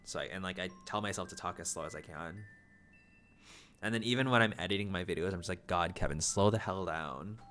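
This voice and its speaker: Fast-talking low-voiced male streamer. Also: sharp tone. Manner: stutters and mumbles, repeats words. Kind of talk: casual live-stream chat with viewers.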